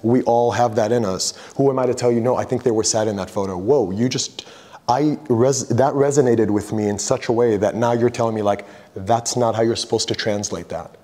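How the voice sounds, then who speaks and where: A man's voice: medium pitch, brisk, mellow. A man giving an artist talk about his photographs, chatting loosely and retelling conversations with lots of "like". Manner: loose and chatty, full of "like" and retold dialogue. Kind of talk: casual talk to a gallery audience. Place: gallery hall. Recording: long reverb of a gallery hall.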